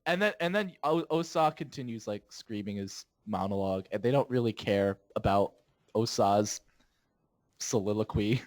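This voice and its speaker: A man's voice: on the low side, normal speed, a little mellow. A man in his twenties, a podcast host, telling a rambling story in casual chat, laughing often and restarting his sentences.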